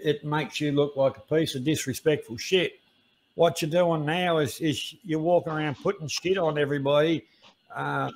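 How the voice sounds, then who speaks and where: A man scolding someone in a heated rant on a live stream, stumbling over his words and swearing often. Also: a little high.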